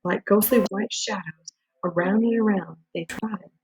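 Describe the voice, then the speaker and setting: A woman's voice: mid-range voice, a little slow, a little mellow, husky, no room sound. A woman reading a novel aloud, telling the story steadily with small slips and restarts. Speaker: reader. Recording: dull lo-fi recording.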